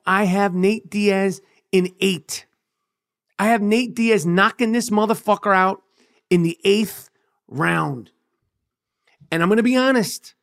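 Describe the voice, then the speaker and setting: A middle-aged man is ranting into the mic as a podcast host. He talks slowly, hammering his points with swearing and repeated phrases. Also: high-pitched. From New York. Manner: profane, emphatic, repetitive. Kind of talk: solo podcast rant.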